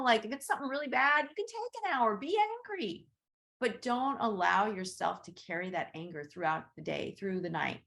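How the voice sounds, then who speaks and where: Her voice is mid-range and fairly bright with vocal fry. As host of a casual group Reiki class on a video call, she chats conversationally, keeps checking in with "right?", and dramatizes what's going through her head.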